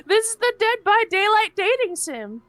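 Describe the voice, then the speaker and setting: A woman co-hosting a game stream, chatting and giggling at the story. Her voice is high and bounces up and down, and she talks at an unhurried pace. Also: very animated, a bit bright, dry recording. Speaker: streamer co-host. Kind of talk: casual game stream chat.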